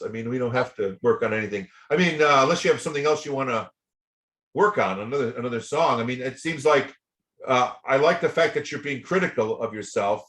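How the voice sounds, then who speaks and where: A man coaching a singer through feedback, chatty and full of restarts and repeated words. He keeps breaking into short demonstrations, swinging from soft to loud. His voice sits in a roomy, echoey space. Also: mid-range voice. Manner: chatty, repeats words, demonstrates by singing and speaking softly and loudly. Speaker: voice teacher. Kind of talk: voice lesson feedback. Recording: roomy echo.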